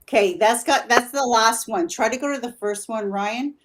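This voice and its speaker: A woman's voice: on the high side, moderate pace, heavy background noise. A woman guest talking casually as a paranormal investigator. She rambles and halts with many fillers, and she laughs easily. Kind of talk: casual interview chat.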